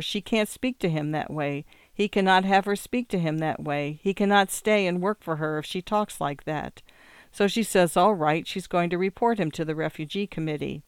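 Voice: mid-range voice, smooth, no echo, natural voice. A reader voicing a blunt German housekeeper woman who speaks broken English in a shrugging, plain-spoken way.

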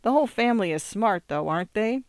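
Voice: mid-range voice, animated, quick pace, clean tone, dry recording, clean studio sound, voice pushed up, lightly acted. Narrator voicing Helen, an anxious young wife. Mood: pleading. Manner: earnest, anxious, rambling. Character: young married farm woman, nervous, pleading. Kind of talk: audiobook character reading.

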